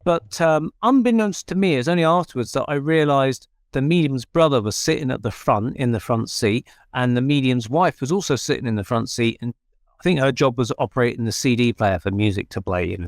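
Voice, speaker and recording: A man, a paranormal researcher, telling an animated anecdote in casual conversation, with many restarts. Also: mid-range voice, brisk, vocal fry, dry recording, clean studio sound. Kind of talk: conversational storytelling.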